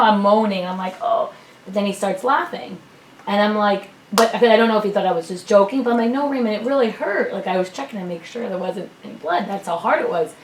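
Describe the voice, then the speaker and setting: A young woman, a mother in a church seminar, tells a story in a chatty way with many fillers. Her voice sits at an everyday pitch and comes from some distance in an echoey room. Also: a little hiss or hum. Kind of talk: telling a personal story in class. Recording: echoey room, mic far off.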